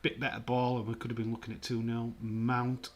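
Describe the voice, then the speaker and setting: A man hosting a livestream, giving relaxed, chatty commentary and reactions while watching a match. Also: medium pitch, fairly quick, slight background noise. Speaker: livestream host. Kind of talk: casual live match commentary.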